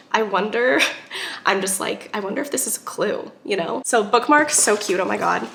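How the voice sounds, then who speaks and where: A young woman hosting a casual book vlog, gushing and gasping with excitement as she unwraps a gift. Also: mid-range voice, normal speed, vocal fry, a little hiss or hum. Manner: gushing, excitable, lots of gasps and exclamations. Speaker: booktube host. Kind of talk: casual unboxing chat.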